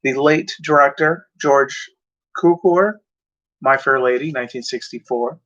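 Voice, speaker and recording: Male host talking to camera off the cuff, with halting, rambling delivery, a tense bright tone and muffled lo-fi sound. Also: medium pitch. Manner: rambling, hesitant, with many fillers and self-corrections. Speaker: video host. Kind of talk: casual talk to camera. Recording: dull lo-fi sound.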